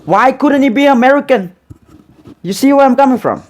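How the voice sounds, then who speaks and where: A man with a high voice gives casual reaction commentary on a show. He repeats his points over and over and tacks "man" onto almost every sentence. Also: lively intonation, brisk, darkish tone. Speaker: reaction video host.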